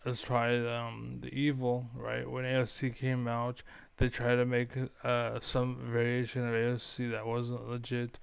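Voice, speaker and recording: A man's voice: medium pitch, monotone, measured pace, vocal fry, smooth, dry recording, highs cut off. A man streaming a game, ranting in a rambling, profane way as he comments on the play. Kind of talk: live-stream gaming commentary.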